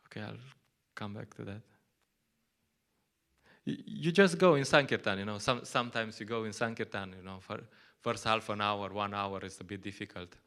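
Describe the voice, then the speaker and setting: A temple lecturer whose first language is Slovenian leads a conversational scripture class in English, laughing often and acting out little quotes. His voice is fairly low and a bit bright.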